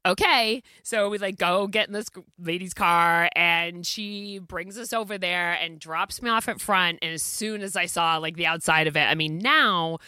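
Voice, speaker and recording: A woman tells a rambling story in casual chat, laughing often and acting out the voices of the people in it. Her voice is bright and sharp, and it sounds close and dry. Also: on the low side, normal speed, few pauses, smooth, no room sound. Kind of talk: casual anecdote.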